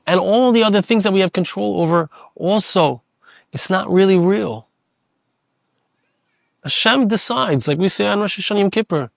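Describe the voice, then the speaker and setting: A man's voice: high voice, gravelly, dry recording, clean studio sound. A man giving an earnest Torah lecture, repeating phrases for emphasis and weaving in Hebrew terms. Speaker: Torah teacher.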